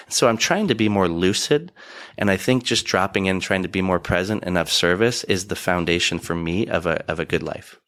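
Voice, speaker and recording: A man in his forties, a podcast guest, talking earnestly and reflectively, acting out little asides as he tells stories. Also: sits low. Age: 40s. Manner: earnest, animated storytelling with acted-out asides. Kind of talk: reflective conversational talk. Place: studio, in person.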